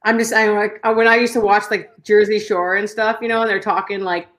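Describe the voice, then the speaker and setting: A woman with a mix of Texas, Boston and Canadian accents, chatting casually, excitable and swearing a lot. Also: medium pitch, fairly quick. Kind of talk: casual chat.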